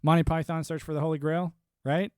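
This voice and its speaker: A man's voice: a little high, level tone, a little fast, a little mellow, smooth, no room sound, clean studio sound. A young man hosting a livestream, rambling sardonically through a casual political rant and swearing freely. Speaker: livestream host.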